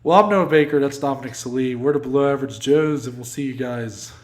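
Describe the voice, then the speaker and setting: A man in the middle of a podcast telling a rambling story, swearing often and slipping into other people's voices as he quotes them. His voice sits at an ordinary pitch. The recording carries a noticeable room echo. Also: fast talker. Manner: animated storyteller, swears freely, acts out quotes. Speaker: podcast co-host. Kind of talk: casual storytelling chat.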